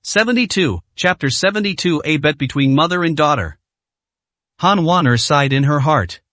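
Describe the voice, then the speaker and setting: A man narrating a translated web novel with an even, steady reading manner. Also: on the high side, dry recording. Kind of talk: scripted story narration.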